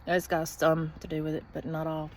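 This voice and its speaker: A woman's voice: sits low, monotone, normal speed, a little mellow, a little hiss or hum. A woman talks in a blunt, profane, rambling way in a casual vlog, venting from inside a vehicle in a parking lot. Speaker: vlogger.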